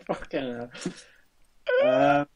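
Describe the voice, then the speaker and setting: A man's voice: fairly high pitch, drawn-out words, lo-fi sound, noisy background. A man co-hosting a podcast in casual chat, swearing freely and plugging the show. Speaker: podcast co-host.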